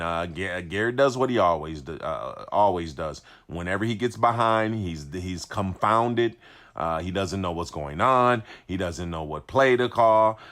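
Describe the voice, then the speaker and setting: Male sports commentator, fired-up rant, repeats himself for emphasis, lowish voice. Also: fairly bright tone. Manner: indignant, repetitive, emphatic. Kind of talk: ranting video commentary.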